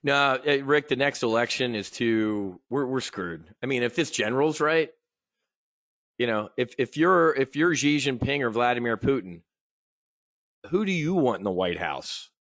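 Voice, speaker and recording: A man's voice: medium pitch, expressive, normal speed, a bit bright, no room sound, studio quality. Opinionated man rambling through market talk. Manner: rambling, opinionated, frequent restarts and throat clearing. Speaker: options trading host. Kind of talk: casual live market commentary.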